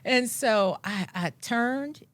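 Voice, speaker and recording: A woman telling her own story in a lively way, acting out her past thoughts. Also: a little high, takes it slowly, dry recording. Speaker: guest. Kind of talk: personal storytelling.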